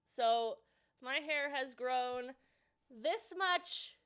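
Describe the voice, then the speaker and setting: A woman's voice: high voice, drawn-out words, a bit bright, smooth. A woman livestreaming with a slightly nasal voice, chatting casually and greeting viewers by name.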